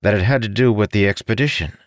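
A man's voice: on the low side, quick pace, no room sound, clean studio sound, voice pushed up, lightly acted. A man voicing a young male illusionist, an apologetic and teasing friend, in a fantasy audiobook.

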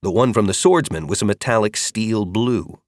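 A man narrating an audiobook fantasy chapter with expressive, varied storytelling. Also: lowish voice, moderate pace, no room sound, clean studio sound. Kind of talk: scripted narration.

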